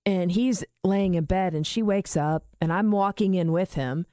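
Animated woman telling a story. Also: fairly low pitch, moderate pace, no echo, clean studio sound. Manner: animated storytelling, acts out quoted voices. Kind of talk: casual podcast chat.

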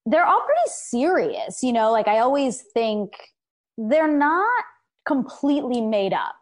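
A woman's voice: on the high side, very animated, measured pace. A young adult woman, a podcast guest, talking openly and reflectively with many fillers and restarts. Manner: open, self-reflective, frequent fillers and restarts. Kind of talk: candid conversational interview.

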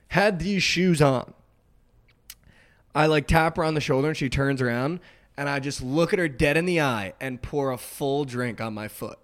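A young man co-hosting a podcast, telling a story in casual chat, animated and full of "like" and "dude". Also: mid-range voice, normal speed. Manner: animated, heavy use of "like" and "dude", acts out quotes. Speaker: podcast co-host.

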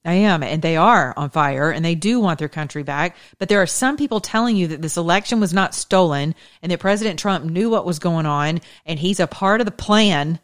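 Smooth-voiced woman, blunt and emphatic. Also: lowish voice, a little fast, few pauses. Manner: emphatic, repetitive, preachy; snarky, blunt. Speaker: political commentator. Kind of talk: casual political monologue.

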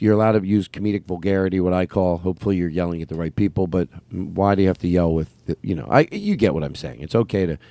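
A man hosts a loose podcast chat, wandering off topic and restarting his sentences. His pitch swings up and down a lot as he talks. The recording is dry and close, with no room sound. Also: mellow, no room sound. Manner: meandering, self-interrupting, full of fillers and restarts. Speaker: comedian podcast host. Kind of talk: casual rambling chat.

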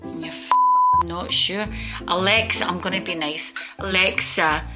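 A man's voice: sits high, over loud music. A man playing a frustrated Scottish man arguing with a voice assistant, in an archive clip. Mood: furious. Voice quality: exasperated, sweary, drawn-out pleading. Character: frustrated Scottish man shouting at a smart speaker.

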